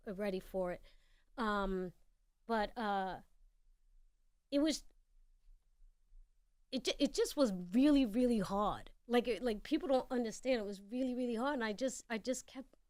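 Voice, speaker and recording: A woman's voice: a little high, normal speed, long pauses, a little mellow, no room sound, studio quality. A woman with a New York accent, a guest actor telling her story in a blunt, candid way in a casual radio interview. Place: radio studio.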